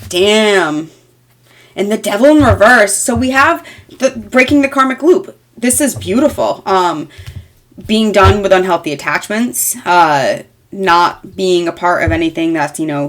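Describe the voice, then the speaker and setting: Her voice slightly low but a bit bright, a tarot reader in her thirties talks a little slowly through a reading, casual and rambling. She speaks frankly, swears lightly, and fills her sentences with fillers.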